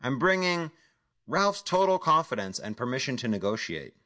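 A man's voice: mid-range voice, very animated, moderate pace, sharp tone, voice pushed up. A man voicing a nervous, bluffing hustler. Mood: uneasy. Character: nervous young-ish man bluffing through a deal.

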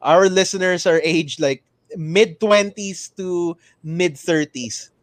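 A man's voice: high-pitched, slow pace, dry recording. A man with a Filipino accent in his thirties, hosting a casual podcast chat and swearing freely. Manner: swearing, switching between English and Tagalog. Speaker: podcast host.

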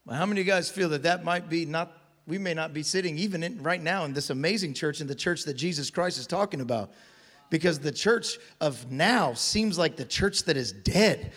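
A male pastor preaching a sermon with call-and-response, building up to shouts. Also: fairly high pitch, a little fast. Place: large church hall. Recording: long hall reverb.

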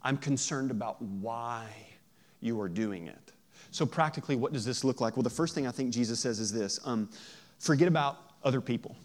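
A man preaching a sermon in a lively, joking way, acting out quoted voices. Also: medium pitch, moderate pace. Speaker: pastor.

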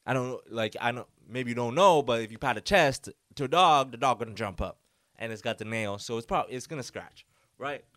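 Solo podcast host, man, mid-pitched, chatty rambling storyteller, dry close mic. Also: brisk, dry recording. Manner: rambling, animated, lots of "like". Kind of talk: casual storytelling.

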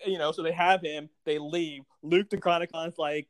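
A man in casual chat recapping a TV episode, animated, acting out the characters' lines and laughing often. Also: a little high, normal speed, no room sound. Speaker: podcast co-host recapping a TV episode.

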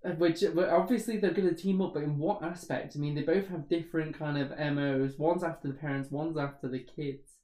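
A man's voice: a little high, fairly even intonation, fairly quick, dark tone, roomy sound. A man co-hosting a casual, joking chat about a tabletop game, rambling with lots of fillers and giggles. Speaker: podcast co-host.

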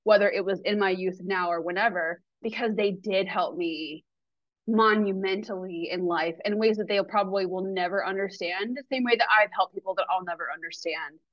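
A woman speaks openly and with animation in a relaxed podcast chat, swearing casually as she goes. Her voice sits in a middle register. The recording is dry and a touch muffled. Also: mid-range voice, brisk, no echo. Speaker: podcast guest. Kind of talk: casual conversation.

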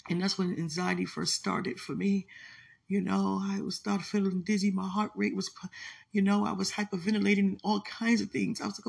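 A woman giving an emotional, halting personal testimony in an interview, often pausing and filling gaps with "you know". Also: medium pitch, creaky, husky. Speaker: interviewee sharing her story.

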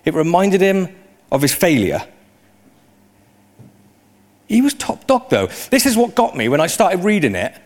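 A man preaching a sermon in a conversational way, often rising into animated emphasis. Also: sits high, a little slow, pauses often.

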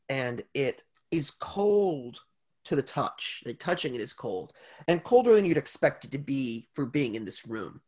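A man's voice: mid-range voice, darkish tone. A man narrating as game master of a tabletop game, loose and full of fillers.

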